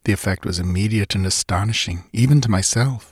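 A man reads a ghost story in a measured, dramatic way. His voice sits low with a husky edge. The sound is dry and close. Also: no echo. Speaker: audiobook narrator. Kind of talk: scripted narration of a ghost story.

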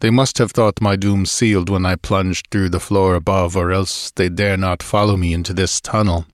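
A man voicing a wounded barbarian warrior who speaks bluntly and gruffly. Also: low-pitched, steady tone, normal speed, no echo, clean studio sound, natural voice. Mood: grim.

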